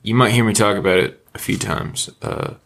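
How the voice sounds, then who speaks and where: A man's voice: lowish voice, fairly even intonation, moderate pace, vocal fry, fairly bright tone. A man co-hosting a casual podcast, laid-back and joking, with dry little asides. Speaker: podcast co-host.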